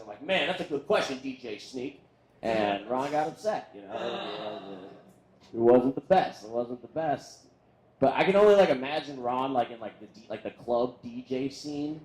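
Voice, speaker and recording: A man's voice: mid-range voice, expressive, moderate pace, darkish tone, roomy sound, a little hiss or hum, poor audio. A man doing a crude, rambling roast set on stage, making fun of himself along the way. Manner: crude, rambling, self-deprecating delivery. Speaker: roast comedian. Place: comedy venue with crowd.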